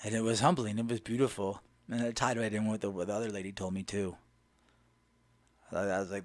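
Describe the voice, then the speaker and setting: A man's voice: fairly low pitch, steady tone, moderate pace, long pauses, dry recording. A man telling a personal story in a blunt, emphatic and emotional way. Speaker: vlogger.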